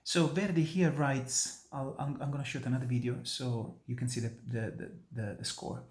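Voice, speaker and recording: A man's voice: medium pitch, moderate pace, darkish tone. A man from Italy, a native Italian speaker with an Italian accent, explaining an opera aria to students in an earnest, emphatic way, often restarting his sentences. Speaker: opera tenor and voice teacher. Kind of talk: instructional talk on singing.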